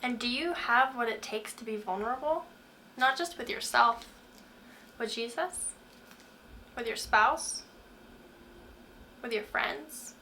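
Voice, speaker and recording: Bright earnest woman doing a devotional pep talk, kinda high voice, little hiss behind. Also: slow, pauses often. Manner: earnest, questioning, preacher-like. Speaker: faith talk host.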